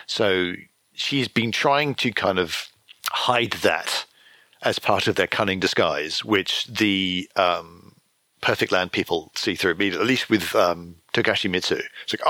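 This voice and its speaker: A man's voice: low-pitched, a little slow, pushed and bright, no echo. A man co-hosting a podcast, chatting casually about a story and jumping into jokey character voices. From outside the US. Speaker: podcast co-host. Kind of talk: casual chat about fiction.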